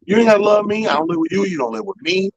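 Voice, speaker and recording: Animated, husky male radio storyteller. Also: high-pitched, racing, muffled recording. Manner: animated storyteller, acts out people's quotes, profane. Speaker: radio show host; comedy show organizer. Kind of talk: casual storytelling chat.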